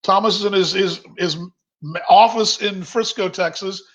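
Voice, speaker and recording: Speaking at a moderate pace with fairly even intonation, a man with a high, fairly bright voice rambles through a casual virtual happy hour. He reads viewer comments aloud from his home kitchen, and the video call sound is dull and lo-fi.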